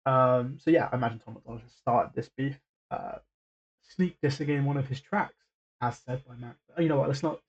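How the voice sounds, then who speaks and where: A man's voice: medium pitch, fairly quick, breathy edge, dull audio. A man hosting a reaction video, talking casually and hesitantly with lots of fillers and restarts.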